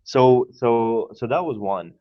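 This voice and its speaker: A man from Poland with a Polish accent, a podcast guest telling stories in an animated way, repeating words and laughing often. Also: mid-range voice, slow pace, muffled recording. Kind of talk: casual storytelling.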